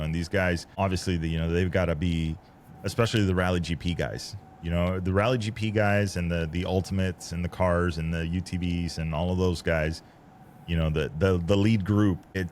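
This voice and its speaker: A low-voiced man chats casually about rally logistics. He talks in a halting, rambling way, restarting phrases again and again. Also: steady tone, a little mellow, slight background noise. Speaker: host and rally support coordinator. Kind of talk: casual conversation.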